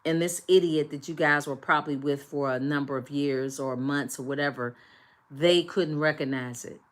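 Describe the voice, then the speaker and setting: A woman's voice: deep voice, steady tone, moderate pace. A woman doing a collective tarot reading, speaking emphatically and repetitively straight to her viewers. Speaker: tarot reader.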